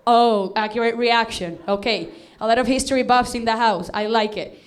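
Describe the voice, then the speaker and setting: Chatty lady comic hosting a show, kinda high voice, giggling at her own bits. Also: normal speed, heavy background noise. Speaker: comedy show host and comedian. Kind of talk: stand-up comedy set. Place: comedy stage before a live audience.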